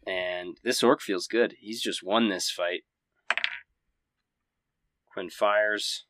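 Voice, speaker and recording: A man narrating as game master, giving quick, vivid play-by-play of a fight. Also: lowish voice, fairly even intonation, fairly bright tone.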